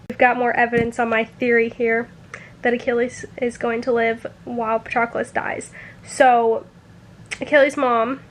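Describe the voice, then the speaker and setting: A woman's voice: a little high, level tone, measured pace, long pauses, a little hiss or hum. A woman talking casually in a reading-reaction vlog, full of "like" and openly emotional about the book, swearing when upset. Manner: chatty, says "like" a lot. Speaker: book vlogger.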